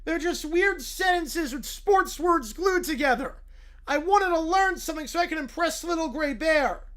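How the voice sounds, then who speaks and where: An earnest, lovesick cartoon bear who protests that everything is fake and whines about it in a loud, raised voice, as a man puts him on. He pushes every line out with eager indignation. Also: very high voice, animated, normal speed, pitched above the performer's own voice. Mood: indignant. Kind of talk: reading a fan script aloud with voices.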